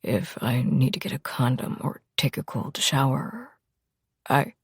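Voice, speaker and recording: A woman voicing a tender young man in a low, whispered murmur, a whispered role-play. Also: expressive, unhurried, darkish tone, slightly rough, dry recording, clean studio sound, full character voice.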